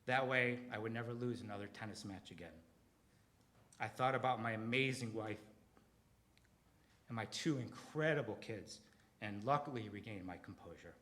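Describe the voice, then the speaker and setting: A middle-aged man performing a confessional storytelling comedy set on a theater stage, swinging from quiet to loud and emphatic. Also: medium pitch.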